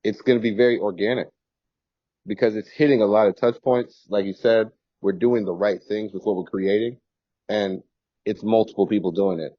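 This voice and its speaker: A man's voice: lowish voice, fairly even intonation, normal speed, dry recording. A man in casual planning talk with a business partner, agreeable and upbeat, thinking aloud, heard over a video call. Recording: dry, dull call audio.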